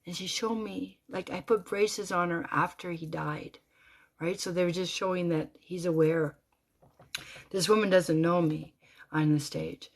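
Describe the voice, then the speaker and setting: Woman storyteller, casual and animated, low-ish voice, shifts from whispers to loud bursts. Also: a little slow, gravelly. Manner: animated, swinging between hushed whispers and loud exclamations.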